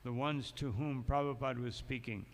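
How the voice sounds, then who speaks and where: A man's voice: medium pitch, steady tone, normal speed, slight background noise. Man lecturing in an echoing temple hall. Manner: storytelling, reads passages aloud then adds asides. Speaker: monk lecturer. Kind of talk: morning lecture sermon.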